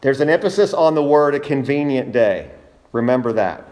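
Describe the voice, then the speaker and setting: A man's voice: mid-range voice, lively intonation, moderate pace, a little mellow. A man preaching an expository sermon, reading scripture and speaking earnestly and emphatically to his congregation.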